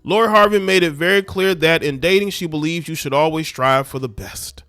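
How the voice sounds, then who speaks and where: A man's voice: on the high side, brisk, a bit bright, no echo, clean studio sound. A man hosting a commentary show, ranting scornfully and preaching straight at his listeners. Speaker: commentary channel host. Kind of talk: ranting social media commentary.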